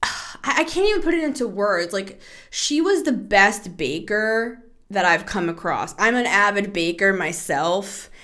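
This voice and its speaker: A woman in her thirties hosting a tarot podcast, talking in a casual, chatty way, animated, laughing and swearing freely. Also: mid-range voice, a little slow. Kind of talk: casual spoken tarot reading.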